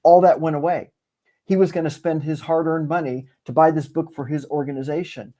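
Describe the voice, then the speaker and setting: A man's voice: a little high, fairly quick. A man, a speaker and author, telling a story in a conversational interview, acting out the voices of people in it. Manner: animated storyteller, acts out quoted dialogue. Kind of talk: conversational storytelling on a video call.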